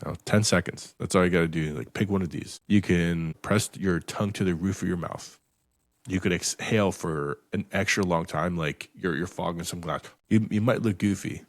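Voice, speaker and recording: A man's voice: low-pitched, moderate pace, no echo, studio quality. A man hosting a podcast, talking bluntly and emphatically, swearing often and repeating words as he restarts his sentences. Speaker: podcast host. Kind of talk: blunt motivational podcast talk.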